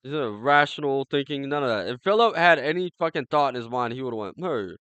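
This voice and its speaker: A man's voice: fairly high pitch, fairly quick, fairly bright tone, clean tone, no room sound. A man hosting a podcast in casual chat, crude and teasing, swearing freely as he talks. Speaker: podcast host.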